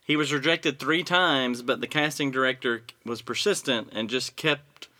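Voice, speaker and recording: Guy chatting through a story, bright voice, easygoing, keeps clearing his throat. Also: mid-range voice, normal speed. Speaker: podcast co-host telling a story. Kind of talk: casual chat.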